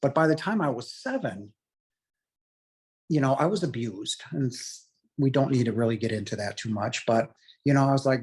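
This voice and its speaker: A middle-aged man with a husky, slightly breathy voice, pitched at an ordinary level for a man. He tells his own story as an interview guest, earnest and rambling, leaning on "you know" again and again. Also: animated, moderate pace. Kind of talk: candid personal storytelling.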